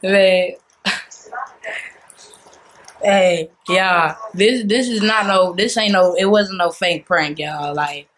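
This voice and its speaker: A young woman vlogger speaking softly and apologetically to her partner and her viewers. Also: fairly low pitch, slow pace, pauses often, a little hiss or hum, low-quality recording. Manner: soft, apologetic, talks to viewers. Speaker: vlogger, prankster. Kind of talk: casual vlog. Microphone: phone camera.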